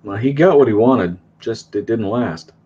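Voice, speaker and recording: A man's voice: on the low side, moderate pace, darkish tone, breathy edge. A man in a casual discussion, speaking emphatically and asking long, winding questions. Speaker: guest discussing with a panel. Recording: dull lo-fi line with faint noise.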